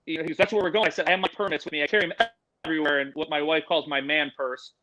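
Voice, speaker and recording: A middle-aged man, telling animated stories on a podcast, swearing freely and acting out the other people's voices. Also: on the high side, rapid-fire, background noise. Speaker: podcast guest, animal educator. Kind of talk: casual storytelling.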